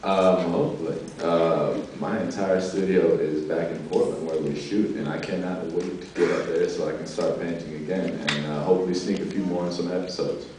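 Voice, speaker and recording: A man's voice: sits low, steady tone, a little fast, few pauses. A man on a convention panel, chatting casually and joking at his own expense. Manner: joking, self-mocking. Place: large convention hall. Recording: echoey hall from far off, loud noise.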